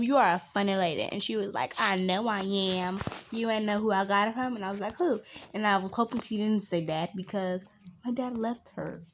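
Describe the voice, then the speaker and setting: A woman's voice: mid-range voice, slight background noise. A woman telling a rambling, chatty story time, with asides about the game she plays. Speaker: gaming storyteller. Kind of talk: casual story time while playing a game.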